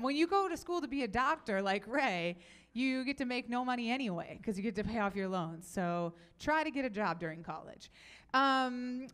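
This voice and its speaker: A young woman giving a talk at a youth event, telling stories in a chatty, animated way and taking audience questions. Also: a little high, clear, resonant tone. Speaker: speaker.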